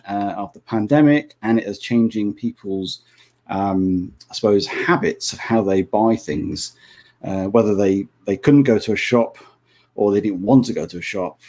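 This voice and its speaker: A man hosts a podcast interview, and his speech is full of hesitant fillers and false starts. His voice sits slightly low for a man. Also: a little mellow. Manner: hesitant, many fillers and restarts. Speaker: podcast host.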